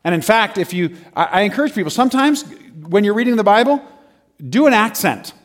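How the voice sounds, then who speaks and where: Lively, laughing male preacher. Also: sits high, brisk. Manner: energetic and conversational, laughs often between points. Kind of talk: humorous sermon.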